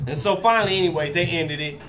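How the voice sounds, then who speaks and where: A man in his thirties telling a story in casual chat, animated and swearing, acting out the people in it. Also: on the high side, fast talker, soft background music. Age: 30s. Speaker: podcast host.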